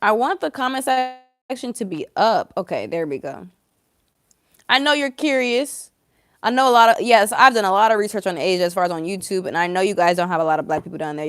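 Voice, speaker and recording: A woman's voice: on the low side, clear, resonant tone, no echo, studio quality. Sarcastic, blunt woman tarot reader. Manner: sarcastic, blunt and profane, laughs often. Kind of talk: live-streamed tarot reading.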